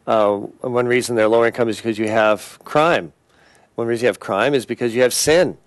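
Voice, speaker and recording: A man's voice: medium pitch, brisk, dry recording. Dry-sounding man, earnest interview guest. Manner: earnest, listing points steadily. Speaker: guest, attorney organization leader. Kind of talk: casual interview chat.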